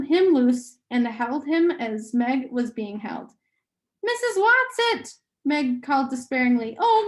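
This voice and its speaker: Woman reading a novel aloud. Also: fairly high pitch. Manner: steady reading with occasional restarts. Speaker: audiobook reader.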